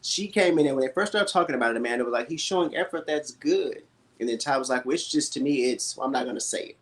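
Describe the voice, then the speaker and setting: A man's voice: medium pitch, quick pace. A man co-hosting a casual reality-TV review chat, giving blunt, opinionated takes in a matter-of-fact way. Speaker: podcast co-host.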